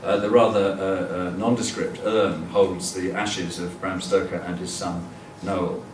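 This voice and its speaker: An older man with a fairly low voice tells anecdotes in a public lecture, chatty and rambling, with lots of "uh" and restarts. He is picked up from a distance in a roomy, echoing lecture hall. Faint room noise sits underneath. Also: fairly even intonation, unhurried. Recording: echoey hall, distant mic.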